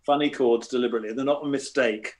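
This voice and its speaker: A man interviewed as a guest musician, telling stories in a relaxed, wry, self-deprecating way. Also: mid-range voice, fast. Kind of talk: casual interview.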